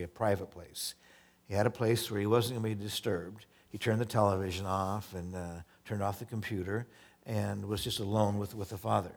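Man preaching a conversational sermon. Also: on the low side. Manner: reads scripture slowly, then explains in casual asides; conversational, repeats words and restarts. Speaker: pastor.

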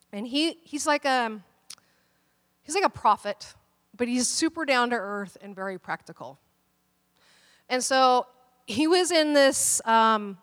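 A woman's voice: on the high side, fairly bright tone. A woman pastor telling a story in a casual, chatty sermon, with plenty of fillers and restarts. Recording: long hall reverb.

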